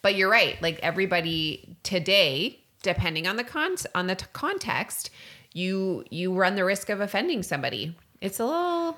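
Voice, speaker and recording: A woman's voice: medium pitch, big pitch swings, moderate pace, bright, forceful tone. A woman co-hosting a podcast in casual chat, talking in loose, chatty runs full of restarts. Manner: chatty, lots of likes and restarts. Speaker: podcast co-host.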